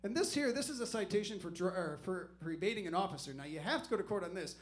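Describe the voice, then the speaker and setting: A man putting on a male police officer who shouts commands and later explains things calmly and patiently. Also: high voice, fast. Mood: calm, reassuring. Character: male police officer, barking then oddly kindly.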